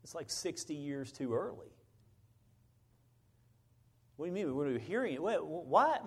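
A middle-aged man, a preacher, telling a personal story in a sermon, swinging between loud bursts and hushed moments. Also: a little high, breathy edge.

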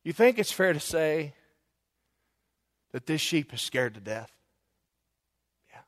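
A man preaching a sermon in a voice set slightly higher than most men's. He poses question after question to his listeners and repeats his phrases. At the peaks he climbs higher and grows louder with passion. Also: sing-song, takes it slowly. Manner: preaching with rising passion, rhetorical questions and repetitions.

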